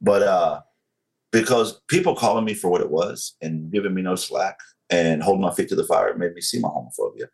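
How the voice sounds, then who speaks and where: A man in his forties from North Carolina with a Southern accent, telling his story as an interview guest in a slow, controlled, frank way. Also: sits low, gravelly, darkish tone, rough recording.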